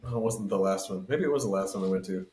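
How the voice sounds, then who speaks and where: A man's voice: low voice, a little mellow, a little hiss or hum. Easygoing male podcaster in a roomy echo. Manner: easygoing storyteller, laughs along, pauses to recall details. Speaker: podcast co-host. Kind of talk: casual chat.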